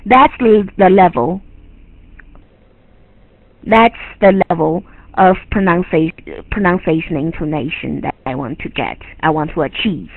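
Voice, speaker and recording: A woman with a Chinese accent teaches English in a bilingual lecture, repeating phrases and quizzing her students. Her voice is a little husky. It comes through a dry, tinny, phone-like line. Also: fairly low pitch, a little slow, no echo. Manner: repeats and restarts phrases, asks the class questions. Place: online lecture.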